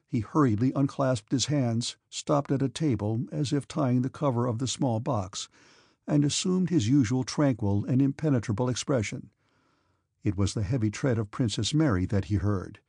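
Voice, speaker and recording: Mellow, husky male audiobook narrator. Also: medium pitch, no echo, studio quality. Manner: measured, steady reading. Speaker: audiobook reader. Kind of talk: scripted narration.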